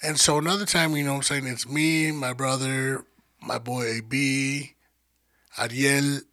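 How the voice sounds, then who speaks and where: A man's voice: medium pitch, steady tone, measured pace, sharp tone, no room sound. An adult man telling a long, profane childhood story in casual chat, full of fillers like "you know what I'm saying.". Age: adult, grew up in the nineties.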